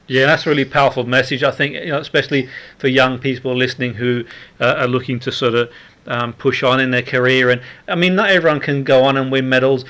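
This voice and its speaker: A man's voice: mid-range voice, steady tone, quick pace, a bit bright. A man hosting a radio sports show, asking long, encouraging questions full of fillers. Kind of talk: radio interview.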